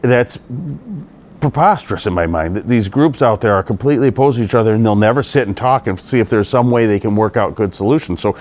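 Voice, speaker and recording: A man's voice: fairly low pitch, fast talker, darkish tone. A middle-aged man, a state legislator, answering interview questions in an earnest, conversational way.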